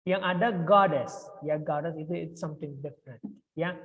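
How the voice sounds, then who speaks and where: A woman's voice: on the low side, animated, normal speed. Indonesian woman teacher in an echoey room. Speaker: English teacher. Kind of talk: classroom grammar explanation. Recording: dull lo-fi recording in a reverberant room.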